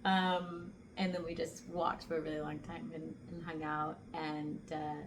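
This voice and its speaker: A woman telling a travel story to camera in a casual, animated way, laughing often and saying "like" a lot. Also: deep voice, unhurried, distant mic, background noise. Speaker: spiritual vlogger.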